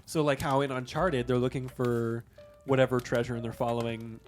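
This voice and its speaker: Eager man pitching movie ideas. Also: little pitch movement, fairly quick, soft background music. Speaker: podcast co-host. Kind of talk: casual brainstorming chat.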